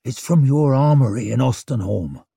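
Guy playing a blunt veteran soldier, gruff, storybook. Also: mid-range voice, animated, moderate pace, warm tone, no echo, clean studio sound, full character voice. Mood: wary.

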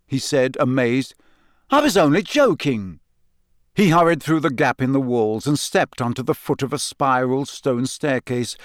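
A man narrating a novel as an audiobook, reading in an expressive way that acts out the characters. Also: mid-range voice, dry recording, clean studio sound.

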